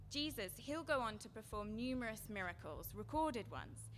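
A woman giving an earnest sermon-style seminar talk, her voice going from quiet to loud. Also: on the high side, animated, normal speed, hardly any pauses, a little hiss or hum. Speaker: seminar speaker.

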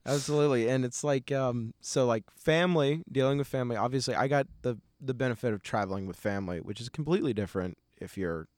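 Animated young American man, dry close mic. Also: medium pitch, quick pace, hardly any pauses, no echo. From United States. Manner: animated storytelling, acting out quoted voices. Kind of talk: casual conversation.

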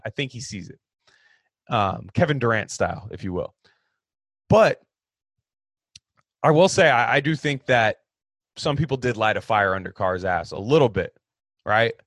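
A man's voice: mid-range voice, a bit bright, no room sound. A man hosting a casual sports talk show, giving rambling, opinionated takes on football with frequent restarts. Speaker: sports podcast host.

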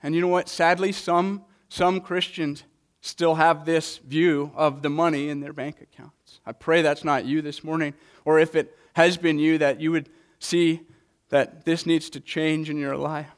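A man's voice: a little high, level tone, unhurried. A man preaching a Sunday morning sermon, earnest, often repeating words as he presses a point. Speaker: pastor.

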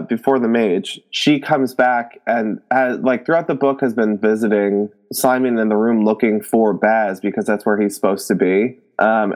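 A young man co-hosting a casual book discussion, excitable and rambling with many fillers. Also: mid-range voice. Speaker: podcast co-host.

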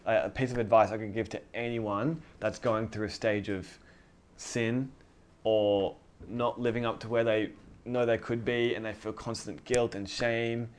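A man's voice: medium pitch, clear, resonant tone. A man preaching a sermon in a casual, conversational way, often acting out dialogue. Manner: conversational, animated, acts out dialogue.

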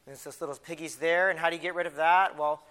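A man's voice: fairly high pitch, steady tone, fast talker, pushed and bright. A pastor giving a casual children's lesson in a church service, often restarting and repeating his words as he talks to the kids. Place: church sanctuary.

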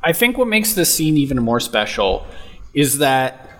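A man's voice: medium pitch, big pitch swings, unhurried. A man co-hosting a casual film podcast, telling behind-the-scenes anecdotes. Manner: anecdotal, explains film trivia. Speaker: podcast co-host.

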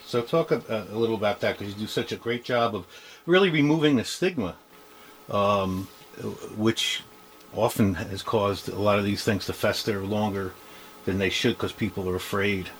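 A man hosting an interview, asking questions in a halting way, with many ums and uhs. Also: lowish voice, a little hiss or hum, low-quality recording. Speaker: interviewer, host.

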